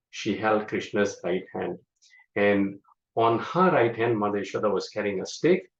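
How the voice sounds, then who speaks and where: Guy teaching scripture, slow and gravelly, echoey room, dull sound. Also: lowish voice. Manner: slow and explanatory, many fillers. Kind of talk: scripture class.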